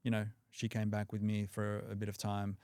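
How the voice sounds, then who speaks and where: Man, from Australia, podcast guest, casual chat, fairly low pitch, dry sound. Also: normal speed, clear, resonant tone, no echo. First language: English. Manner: relaxed, frequent "like" and "you know" fillers. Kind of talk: casual conversation.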